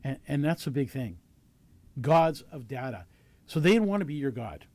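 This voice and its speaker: A man's voice: medium pitch, very animated, moderate pace, darkish tone, no echo. A man hosting a talk show, asking earnest questions with many fillers and restarts. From Canada. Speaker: show host. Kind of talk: casual talk show discussion.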